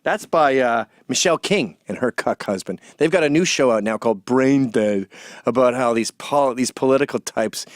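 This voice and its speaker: A man's voice: medium pitch, no echo, studio quality. A man hosting a comedic commentary, ranting in a sarcastic, mocking way. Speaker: host and commentator.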